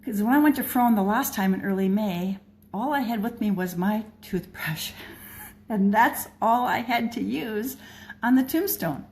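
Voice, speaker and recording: A woman's voice: mid-range voice, unhurried, slight background noise. An older woman from the American Midwest, speaking to her readers in an earnest, personal reflection with frequent restarts. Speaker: blogger and speaker.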